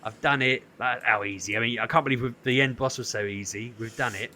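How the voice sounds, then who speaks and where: A man's voice: medium pitch, fast talker, slight background noise. A man, co-hosting a podcast, telling a story in casual chat and acting out what people said. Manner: animated storytelling, acts out quotes. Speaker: podcast co-host.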